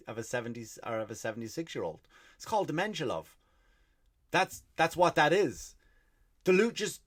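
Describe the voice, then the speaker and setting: A middle-aged man, hosting a comedy podcast and telling an exasperated, profane story as a ranting monologue. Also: mid-range voice.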